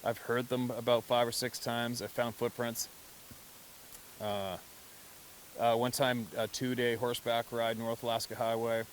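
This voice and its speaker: An adult man telling a story in a relaxed, conversational way, with frequent swearing and bursts of laughter. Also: mid-range voice, unhurried, a little hiss or hum, rough recording. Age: adult, past mid-twenties. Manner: conversational, profane, laughs often. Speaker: hunter telling encounter stories. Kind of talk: casual spoken storytelling.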